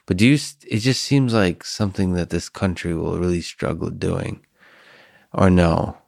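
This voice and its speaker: A man's voice: low voice, fairly even intonation, moderate pace, vocal fry, darkish tone, no room sound, clean studio sound. A man hosting an interview, musing thoughtfully and asking questions. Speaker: podcast host. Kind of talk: casual interview conversation.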